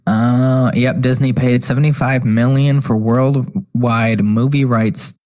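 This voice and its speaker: A man's voice: mid-range voice, fairly even intonation, takes it slowly, darkish tone. A man co-hosting a podcast, chatting casually and thinking aloud, full of likes and trailing questions. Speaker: podcast co-host. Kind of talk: casual chat.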